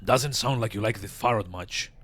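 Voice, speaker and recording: A scarred, brooding immortal speaks in a guttural, raspy voice, as a man puts him on while reading a game aloud. He asks blunt, searching questions. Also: lowish voice, moderate pace, a bit bright. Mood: determined.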